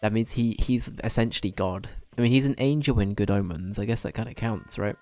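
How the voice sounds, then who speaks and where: Low-voiced male streamer. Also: mellow, faint music behind. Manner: joking, self-deprecating, quick asides. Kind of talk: casual gaming commentary.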